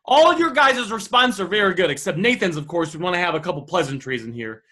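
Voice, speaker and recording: A young man with a high, bright voice runs a live sales lesson. He talks casually and thinks out loud with plenty of ums. His tone stays loose and conversational. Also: expressive, quick pace, poor audio. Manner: casual, thinks aloud with fillers. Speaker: sales trainer. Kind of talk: live online class, reading student messages.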